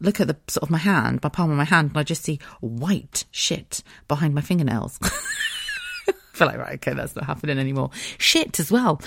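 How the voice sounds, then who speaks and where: A woman's voice: sits low, no room sound, clean studio sound. A woman hosting a podcast in casual solo chat, candid and laughing often, swearing freely. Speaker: podcast host.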